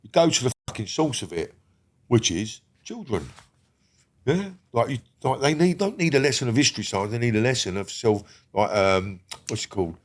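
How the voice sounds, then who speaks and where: A man's voice: mid-range voice, animated, moderate pace. Older man, blunt and sweary. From England. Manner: blunt, heavy swearing, rambling restarts. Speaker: podcast guest. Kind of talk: casual interview talk.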